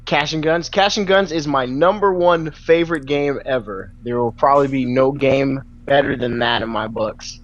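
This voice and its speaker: A man's voice: mid-range voice, moderate pace, hardly any pauses. Some guy on a crackly video call, lotta ums, kinda muffled. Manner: hesitant, many ums, playful. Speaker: podcast guest. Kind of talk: casual chat. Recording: dull lo-fi video call audio.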